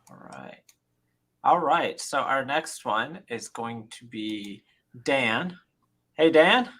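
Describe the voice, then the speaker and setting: Bright-voiced man co-hosting. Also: mid-range voice, expressive, takes it slowly. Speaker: co-host. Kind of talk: casual live stream hosting.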